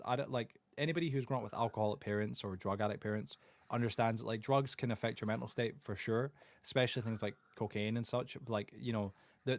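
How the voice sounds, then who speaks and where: A man's voice: mid-range voice, no echo. A young man co-hosting a podcast, telling family stories in casual chat and swearing constantly. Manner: swears constantly, animated storytelling. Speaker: podcast co-host.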